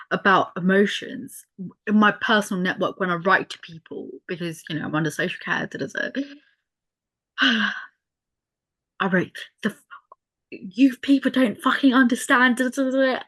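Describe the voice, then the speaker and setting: Bright-voiced young woman, candid host. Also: medium pitch. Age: young adult. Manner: candid, self-correcting, swears freely. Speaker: podcast host. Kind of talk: casual chat.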